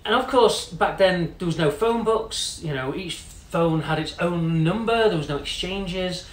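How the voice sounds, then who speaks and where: A man's voice: high voice, unhurried. A man telling a long story in a chatty, casual way, full of "you know" fillers and quoted voices. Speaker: company CEO telling a story. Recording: echoey room with faint noise.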